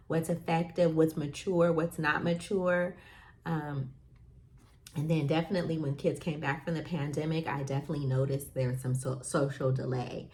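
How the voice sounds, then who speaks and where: Casting note: young adult woman host, lower voice, chatty storyteller who says "like" and "you know" a lot. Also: a little mellow, slight background noise. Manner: chatty, storytelling with lots of fillers and acted quotes. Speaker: podcast host. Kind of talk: casual talk to parents.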